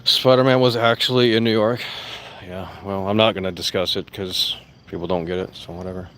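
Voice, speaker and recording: A man's voice: sits low, fairly even intonation, a little fast, a bit bright, a little hiss or hum. A man vlogging outdoors in a casual, rambling rant, blunt and profane, repeating himself as he goes. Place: outdoors among plants. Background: faint crickets and insects.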